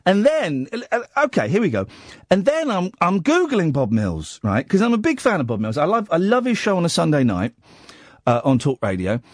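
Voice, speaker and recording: A man's voice: fairly high pitch, huge pitch swings, normal speed, no room sound, clean studio sound. A man hosting a late-night radio phone-in, wry and teasing. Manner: wry, teasing, self-mocking. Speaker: radio host. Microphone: studio mic.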